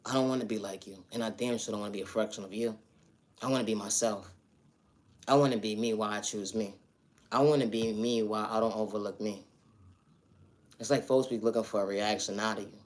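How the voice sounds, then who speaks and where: A man delivering an earnest spiritual motivational monologue, repeating affirmations and now and then breaking into loud, high shouted refrains. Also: steady tone, a little fast, pauses often. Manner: repetitive affirmations, earnest and emphatic. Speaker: spiritual vlogger.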